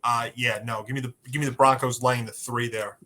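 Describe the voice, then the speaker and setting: A man with a bright, ringing voice talks through football injuries and betting picks in a relaxed podcast chat. He leans on fillers but states his picks with confidence. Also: mid-range voice, a little fast. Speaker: sports podcast co-host. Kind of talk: casual sports betting talk.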